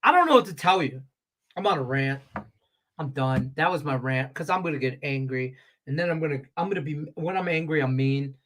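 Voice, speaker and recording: A brisk man with a mid-range voice is ranting on a sports betting talk show out of Las Vegas. He's profane, heated and animated in a casual way, with a congested sound from his stuffed sinuses.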